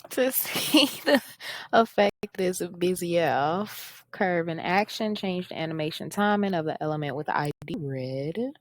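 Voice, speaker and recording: Woman coding tutor, unhurried and dry-miked, chatty and self-joking while reading steps aloud. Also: lowish voice, expressive, dry recording. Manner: chatty, self-mocking, reads instructions aloud. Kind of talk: casual screen-share walkthrough.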